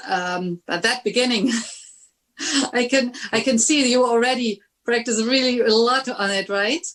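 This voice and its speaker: A woman's voice: a little high, a bit bright, poor audio. A woman teaching an online music lesson over a video call, often singing phrases on nonsense syllables to show how they should sound. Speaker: music teacher giving a masterclass.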